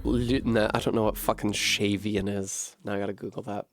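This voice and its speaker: A man's voice: fairly low pitch, level tone, moderate pace, over music. Sardonic swearing man streaming a game. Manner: profane, sardonic thinking aloud. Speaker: streamer playing a video game. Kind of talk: live gameplay commentary.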